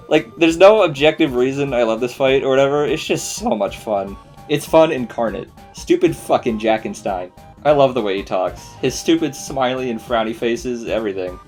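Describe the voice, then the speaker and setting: A man's voice: medium pitch, animated, fairly quick, darkish tone, faint music behind. Enthusiastic man reviewing games, casual. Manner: enthusiastic, swears freely. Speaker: video essay host. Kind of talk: casual game commentary voice-over.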